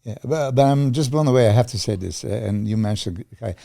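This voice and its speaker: A middle-aged man, a former bodybuilder guesting on a podcast, speaking emphatically with halting restarts. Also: medium pitch, vocal fry, mellow, no echo, studio quality. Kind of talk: casual podcast chat.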